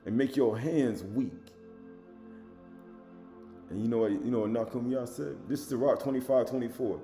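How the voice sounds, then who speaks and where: A man's voice: normal speed, reverberant. Guy preaching a sermon, casual talk, rhetorical questions, faint music under it. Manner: swings between loud emphatic reading and low murmured asides; colloquial, rhetorical questions to the listener. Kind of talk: sermon with scripture reading.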